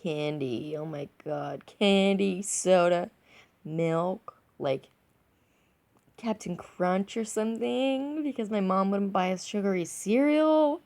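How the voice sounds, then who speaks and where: Giggly, tipsy woman with a lively voice. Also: medium pitch, takes it slowly. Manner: giggly, rambling, laughs often between words. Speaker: vlogger. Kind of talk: casual rambling chat to camera.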